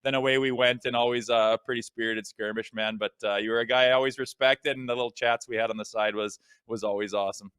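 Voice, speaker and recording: A former player co-hosting a sports talk show reminisces in a laid-back, chatty tone. His voice is smooth and resonant. The sound is close and dry, with no room around it. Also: mid-range voice, steady tone, quick pace, hardly any pauses, a bit bright, dry recording. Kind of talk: casual chat.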